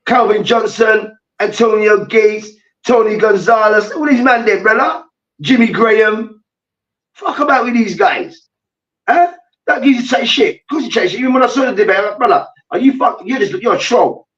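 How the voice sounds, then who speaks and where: High-voiced dude going off about sports, swearing loads, sounds kinda far from the mic. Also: male voice, moderate pace, highs cut off. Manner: animated, swearing, slangy ranting. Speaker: co-host. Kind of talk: heated sports debate.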